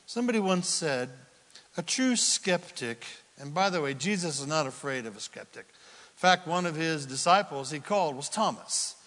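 A man preaching a sermon in a lively storytelling way, acting out the people he talks about. His voice sits high and sounds bright and ringing. The room around him is a large hall with a long reverb. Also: moderate pace. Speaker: pastor.

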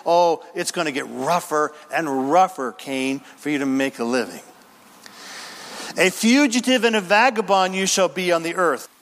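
A man preaching an emphatic sermon, working verse by verse with quick asides. His voice sits high and swings widely in pitch. Long reverb fills the space of a church sanctuary. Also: fairly bright tone. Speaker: pastor. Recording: reverberant hall.

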